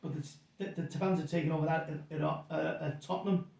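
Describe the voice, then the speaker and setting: A man's voice: fairly high pitch, fairly even intonation, fairly quick, vocal fry, a little mellow. A middle-aged man, guest in a casual interview, telling rambling anecdotes and repeating his words. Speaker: pub landlord guest. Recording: roomy sound from a distance.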